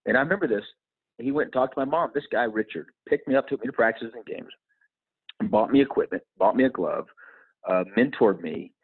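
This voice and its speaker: Husky man on a tinny line. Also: mid-range voice, animated, fairly quick. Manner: earnest, reflective, with many restarts. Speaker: guest. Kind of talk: personal storytelling in an interview.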